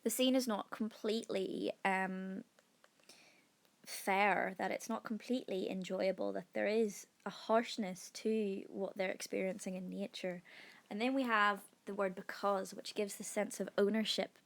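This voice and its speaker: A woman teaching a lesson analysing a poem, explaining step by step with frequent pauses and fillers. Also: medium pitch, fairly even intonation, vocal fry. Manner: explanatory, with frequent ums and restarts. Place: recorded over an iPad whiteboard presentation.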